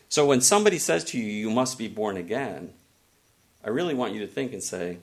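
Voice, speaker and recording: A man preaching a sermon, retelling scripture in an animated way and slowing down for the quoted words. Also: mid-range voice. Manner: animated, slows down for quoted lines.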